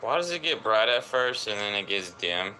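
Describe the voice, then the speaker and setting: A man's voice: fairly low pitch, sing-song, moderate pace, pushed and bright, a little hiss or hum, rough recording. A man rambling through crude, joking late-night commentary as a streamer.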